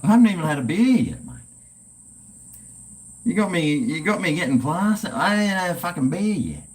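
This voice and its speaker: A man's voice: on the high side, big pitch swings, normal speed. A man hosting a casual livestream chat, laid-back and swearing freely while drinking. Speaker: livestream host.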